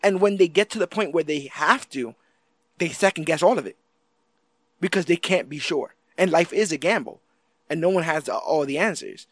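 A man co-hosting a casual chat about a TV series, animated and quick to act out lines from it. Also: on the high side, no room sound. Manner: animated, acts out quotes in lively voices. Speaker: podcast co-host.

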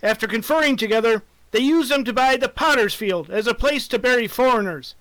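A man reading scripture as a mock news report, with a steady, announcer-like delivery. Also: extremely high pitch, fairly quick, no echo. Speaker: mock newscaster and scripture reader.

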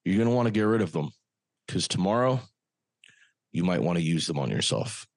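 A man's voice: deep voice, expressive, fairly quick, no echo. A man voicing a stern male police detective in a quoted story, speaking bluntly and threateningly. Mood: menacing.

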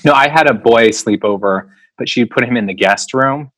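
A man hosts a casual podcast chat, reacting and asking quick questions. His voice is medium-pitched and sounds dry, close, with no room around it. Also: a bit bright, dry recording.

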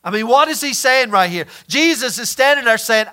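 A man preaching a sermon, emphatic, swinging between loud declarations and hushed asides, acting out the people in his stories. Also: very high voice, lively intonation, a little fast, few pauses. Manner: acts out quoted voices in retelling.

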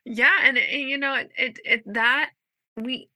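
A woman's voice: high voice, fairly even intonation, measured pace, bright, forceful tone, dry recording. A woman hosting a podcast, chatting casually and gushing with enthusiasm. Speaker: podcast host.

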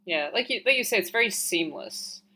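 A woman co-hosts a film podcast in a casual, animated way, often acting out reactions. Her voice is bright and sits at a middle pitch. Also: a little fast. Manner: animated, playful, acts out reactions. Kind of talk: casual film review chat.

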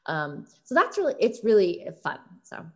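A woman's voice: mid-range voice, wildly swooping pitch, moderate pace, darkish tone. A woman chatting casually as a podcast guest, rambling with many fillers like "like" and "um". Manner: chatty, lots of likes and ums. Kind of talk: casual chat.

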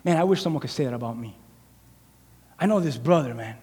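A man's voice: medium pitch, lively intonation, quick pace, a little mellow, slightly rough. A man preaching a sermon, animatedly acting out the scripture story as he tells it. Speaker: pastor. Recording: long reverb of a large hall.

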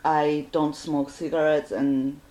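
A podcast guest from Japan, a woman who talks in slow, halting English and laughs often. Her voice carries a roomy echo. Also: deep voice, flat delivery, a loud crowd. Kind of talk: casual podcast chat.

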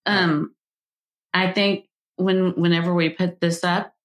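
A woman's voice: fairly low pitch, flat delivery, takes it slowly. A woman co-hosting a casual chat. She sounds supportive and chatty and chimes in often. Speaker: podcast co-host. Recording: roomy echo.

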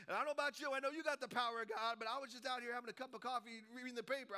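Bright-voiced middle-aged preacher man. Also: very high-pitched, racing, hardly any pauses. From Colorado, United States. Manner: animated storytelling with humor and voices. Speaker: pastor. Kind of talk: sermon.

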